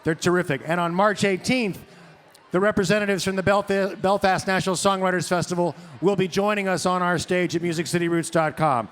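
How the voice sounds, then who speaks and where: A man's voice: high-pitched, steady tone, a little fast, a bit bright. A man giving enthusiastic, promotional wrap-up announcements on a live concert stage. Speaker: show interviewer.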